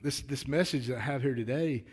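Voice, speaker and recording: A man preaching a sermon in a folksy, earnest way, often repeating words as he starts a thought and building to louder, emphatic declarations. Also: medium pitch, a little fast, husky. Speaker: lay preacher.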